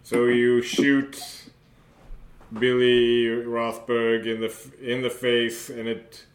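Slow, halting man game master. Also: medium pitch, little pitch movement. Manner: halting, slow narration with many fillers. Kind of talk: narrating a tabletop game. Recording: roomy echo, faint noise.

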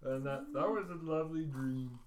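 A man voicing a dim, brutish male supervillain who talks slowly and loudly. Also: medium pitch, roomy sound, slight background noise, close to an everyday voice. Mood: dopey.

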